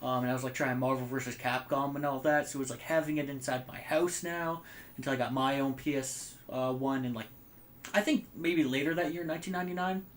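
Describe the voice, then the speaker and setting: A man's voice: medium pitch, a little fast, a little hiss or hum. A man in his twenties co-hosting a casual podcast, telling rambling stories with lots of fillers and swearing. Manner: rambling, animated storytelling with frequent fillers and swearing. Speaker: podcast co-host. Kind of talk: casual chat.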